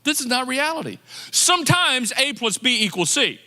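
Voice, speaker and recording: Animated high-voiced preacher, bright hall. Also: male voice, moderate pace. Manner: animated, conversational preaching with quoted inner voices. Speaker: pastor. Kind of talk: sermon. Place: church sanctuary.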